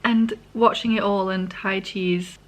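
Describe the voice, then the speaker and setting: A woman talks through a manga story in a loose, rambling vlog chat. She corrects herself as she goes and eats while talking. Her pitch sits in the middle of the usual range. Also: fairly even intonation, measured pace. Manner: rambling, chatty, self-correcting. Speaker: vlogger. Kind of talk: casual manga reading recap.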